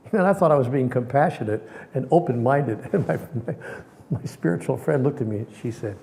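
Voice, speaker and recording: A man, a spiritual teacher, telling personal stories in an animated way, acting out the people in them and sometimes dropping to a whisper. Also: medium pitch, fairly quick, gravelly, a little hiss or hum. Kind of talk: storytelling talk.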